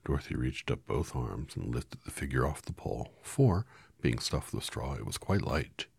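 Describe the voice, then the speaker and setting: A man's voice: rumbling low, expressive, moderate pace, gravelly, slightly rough, dry recording. A man reading a storybook aloud in a casual way, now and then correcting his own slips. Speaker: reader.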